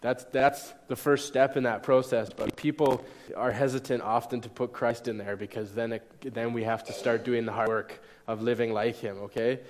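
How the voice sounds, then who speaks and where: A young man delivers a sermon in a relaxed, conversational manner. He keeps checking that his listeners follow along. His voice carries a long reverb from a large hall. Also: mid-range voice, moderate pace. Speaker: pastor. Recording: echoey hall.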